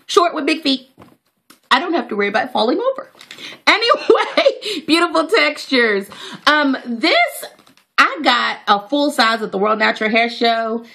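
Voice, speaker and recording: Excitable chatty woman, slightly high voice. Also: moderate pace. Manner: excitable, chatty, talks to viewers directly. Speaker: natural hair vlogger. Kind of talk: casual unboxing chat.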